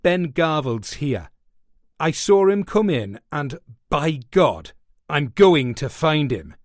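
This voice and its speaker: A man's voice: on the high side, very animated, slow pace, dry recording, studio quality. A man voicing a brutal, hot-headed police detective who talks harshly and with contempt. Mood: determined.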